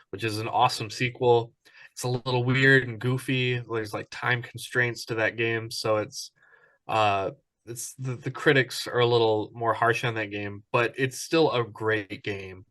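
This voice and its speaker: A man in his thirties chats casually on a podcast, enthusiastic and rambling, with plenty of ums. His voice sits at a middle pitch and sounds close and dry, with no room around it. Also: pushed and bright, no room sound. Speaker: podcast co-host.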